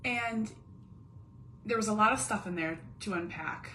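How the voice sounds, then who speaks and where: A woman in her thirties speaks straight to camera from her home in a candid, confiding monologue. Her voice sits at a middle pitch and turns earnest, sinking almost to a whisper on the painful parts. A faint low rumble hums underneath. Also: a little slow, pushed and bright, low-quality recording. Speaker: mom vlogger and caregiver.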